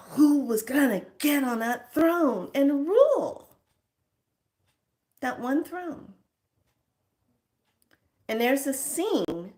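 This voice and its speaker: A woman speaks earnestly to her listeners in a spiritual talk, often letting her lines fade soft. Her voice sits slightly low. She moves easily into telling a story.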